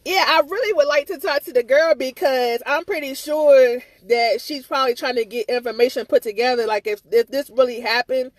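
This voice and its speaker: This woman streams live in an agitated, rambling rant, her high voice moving a little fast with hardly any pauses. She repeats herself, swears freely, and stammers on restarts, with no room sound in the recording.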